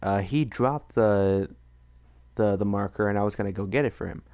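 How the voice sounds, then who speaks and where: A man's voice: fairly low pitch, moderate pace, darkish tone, no echo, dull audio. A man rambling in a casual late-night chat, full of fillers and laughter. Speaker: streamer host.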